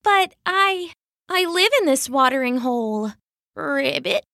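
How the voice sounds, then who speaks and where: A sweet little frog girl with a high, chirpy croak, as a woman puts her on for a storybook. Her voice leaps up and down with eager, wide-eyed feeling. The sound is dry and close. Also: expressive, slow pace, bright, forceful tone, no room sound, exaggerated voice. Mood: hurt.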